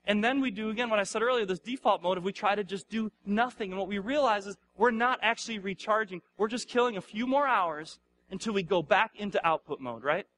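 A high-pitched man in his thirties preaching to a congregation in an easy, talky way. He keeps it light, teasing his listeners and throwing questions out to the room. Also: a little fast, fairly bright tone. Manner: conversational, playful, asks the audience questions. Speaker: pastor. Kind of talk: sermon. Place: church hall before a live audience.

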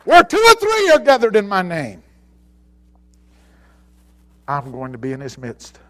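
A man preaching a sermon, telling a story with stammered restarts and swinging between hushed lines and shouts. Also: sits high, huge pitch swings, measured pace, slight background noise.

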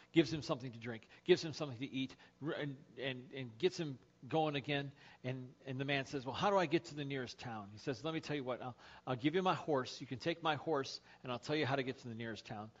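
Pastor preaching on lo-fi audio. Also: male voice, mid-range voice, fairly quick. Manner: storytelling, acts out shouts in the joke. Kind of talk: sermon with an opening joke. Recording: lo-fi sermon podcast audio.

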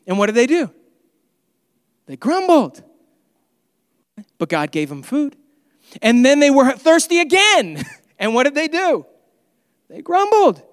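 A man's voice: high-pitched, smooth, no echo, studio quality, long reverb tail. A man preaching an earnest, conversational sermon as pastor.

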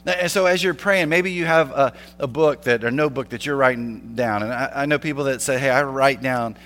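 A man's voice: medium pitch, a little fast, fairly bright tone. Earnest male pastor in a reverberant hall. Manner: earnest, conversational preaching with rhetorical questions. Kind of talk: sermon. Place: church sanctuary.

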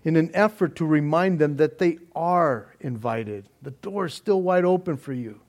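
A man preaching a sermon in a deliberate manner, with soft laughs between points. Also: a little high. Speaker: pastor.

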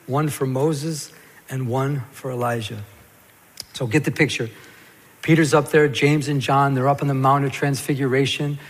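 Husky guy preaching, animated storyteller, big echoey church hall. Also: mid-range voice. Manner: animated storytelling, acts out Peter's stammer. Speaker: pastor. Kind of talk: sermon. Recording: long hall reverb.

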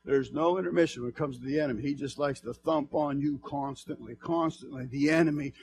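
A male pastor preaching a sermon to his church, swinging from soft murmurs to fervent shouts. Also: medium pitch, fairly quick.

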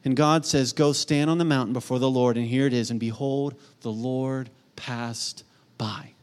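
A middle-aged man preaching a sermon, earnest, swinging from emphatic peaks to soft, hushed storytelling. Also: mid-range voice, fairly even intonation, brisk. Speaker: pastor.

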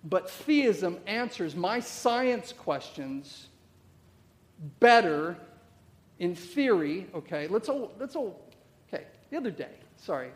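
A man's voice: high voice, very animated, takes it slowly. A middle-aged male pastor preaching a conversational sermon, full of rhetorical questions and frequent "okay?" check-ins to the congregation. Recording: long reverb of a large hall.

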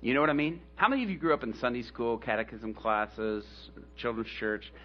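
A man who is a pastor, telling a story in a sermon in an animated way, acting out voices and chuckling as he goes. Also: medium pitch, fairly quick. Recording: dull lo-fi recording with faint hum.

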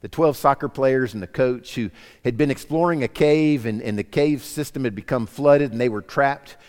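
A man preaching a sermon, lively and swinging between strong and soft delivery. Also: mid-range voice, normal speed. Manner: animated preaching, drops to soft quoted lines. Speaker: pastor. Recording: church hall reverb.

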